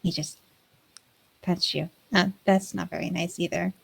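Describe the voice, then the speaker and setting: A woman's voice: fairly low pitch, fairly even intonation, a little slow, vocal fry, slightly rough, full character voice. A woman voicing a kind, fretful woman at a magic school who stammers and repeats her words. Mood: concerned. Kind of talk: tabletop role-play.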